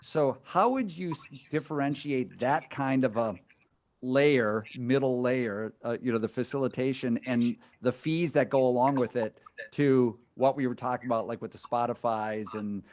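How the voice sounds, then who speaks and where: A man's voice: medium pitch, a little mellow. A man hosting an interview, talking enthusiastically with strong emphasis and frequent restarts. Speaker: interview host. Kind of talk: conversational interview.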